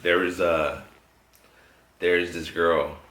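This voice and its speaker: Low-voiced guy telling a rambling profane story, bright edge, echoey room. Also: flat delivery, extremely slow. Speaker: podcast host. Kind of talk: casual chat. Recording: echoey room, faint noise.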